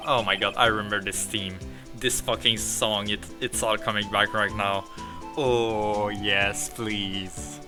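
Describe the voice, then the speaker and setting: A man's voice: lowish voice, flat delivery, slow. A man streaming a video game in casual commentary, swearing and laughing freely while he reads game dialogue aloud. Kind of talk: casual let's-play commentary. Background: game music.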